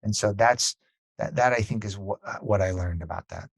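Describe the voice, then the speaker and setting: A man's voice: fairly low pitch, normal speed, vocal fry, breathy edge, no echo. A man telling a story in a casual podcast conversation, acting out what people said. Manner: animated storyteller, acts out quotes. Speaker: podcast guest.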